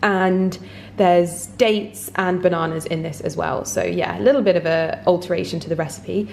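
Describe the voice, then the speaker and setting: A woman's voice: lowish voice, fairly even intonation, moderate pace, creaky, a little mellow, slight background noise. A woman in her thirties chatting casually in a lifestyle vlog from her home kitchen, talking loosely with many fillers and frequent giggles. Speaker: lifestyle vlogger.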